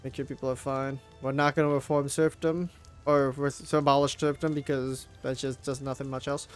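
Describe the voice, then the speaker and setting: A man's voice: medium pitch, little pitch movement, moderate pace, soft background music. A young man commenting on his strategy game, groaning, swearing and pleading at it as things go wrong. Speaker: gameplay commentator.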